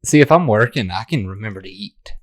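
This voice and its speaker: A woman's voice: very deep voice, animated, brisk, dry recording, clean studio sound. A woman co-hosting a podcast in casual chat, blunt and teasing, swearing freely. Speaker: podcast co-host.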